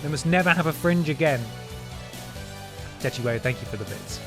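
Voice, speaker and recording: A man's voice: on the high side, moderate pace, music in the background. A man, streaming a wrestling game and doing playful mock-announcer commentary with jokey asides. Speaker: gaming streamer.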